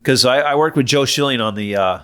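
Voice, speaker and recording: Easygoing older boat captain. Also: male voice, medium pitch, fairly quick, fairly bright tone, clean tone. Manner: plain, easygoing recollection with fillers. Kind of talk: casual interview chat.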